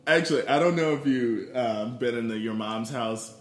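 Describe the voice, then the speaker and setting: A man's voice: medium pitch, moderate pace. Guy co-hosting a podcast, easygoing and jokey, mid voice, echoey room. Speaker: podcast co-host. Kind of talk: casual chat.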